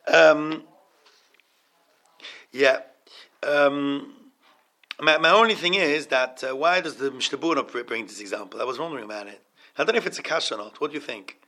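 High male voice. Informal Torah teacher, halting delivery, fond of Hebrew terms, quizzes his class. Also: a bit bright. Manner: halting, repeats words, asks the class questions; mixes Hebrew terms into English.

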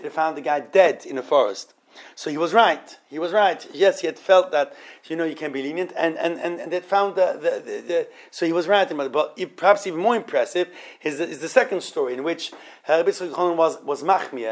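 A man teaching an informal Torah study class, halting and often repeating words as he explains. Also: a little high.

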